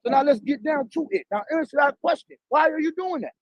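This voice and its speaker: A man's voice: very high-pitched, expressive, quick pace, no room sound, low-quality recording. A man arguing in a heated online debate, aggressive and profane, talking over his opponent. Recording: loud background noise with clicks.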